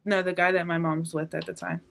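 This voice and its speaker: An eighteen-year-old woman, a podcast guest, telling a painful personal story in a halting, emotional way. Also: on the low side, flat delivery, gravelly, fairly bright tone.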